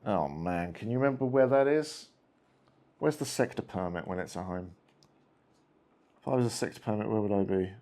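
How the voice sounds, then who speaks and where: A man with a lively, swooping voice talks his way through a solo tabletop wargame, musing aloud as he reads rules and rolls dice. He keeps up a chatty running commentary and pleads with his cats to get off the table. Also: fairly low pitch, normal speed, long pauses. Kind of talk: casual play-through commentary.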